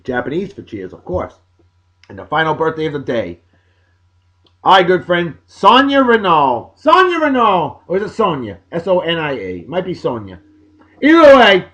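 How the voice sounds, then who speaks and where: A New man with a lively pitch sounds exuberant as a podcast host giving birthday shout-outs. He keeps it casual and chatty, peppering his talk with folksy catchphrases.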